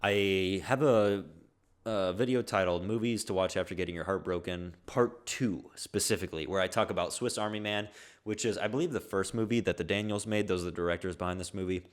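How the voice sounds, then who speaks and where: A young man in a casual movie review vlog, talking excitably and swearing freely as he gushes. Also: low-pitched, fast talker. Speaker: movie vlogger.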